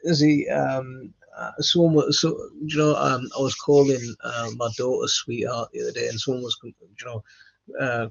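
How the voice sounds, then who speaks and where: Gravelly man, halting chat. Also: medium pitch, a bit bright, no room sound. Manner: halting, many fillers and restarts, friendly "mate". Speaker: gardening channel host reading live chat. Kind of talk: casual live-stream chat. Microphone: phone. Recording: dry, dull lo-fi phone audio.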